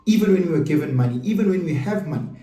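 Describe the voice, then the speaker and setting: A middle-aged South African man talks in an animated, questioning monologue and repeats lines for emphasis. His voice sits a little high with a mellow tone. The recording sounds roomy, with the mic at a distance. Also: very fast. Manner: animated, rhetorical, repeats himself. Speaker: host. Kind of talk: casual monologue.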